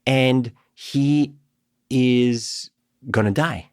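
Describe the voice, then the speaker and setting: Speaking very slowly in a smooth, medium-pitched voice, a middle-aged Greek professor tells lively stories as a podcast interview guest. He laughs frequently and repeats words as he begins, and the recording is dry and studio quality.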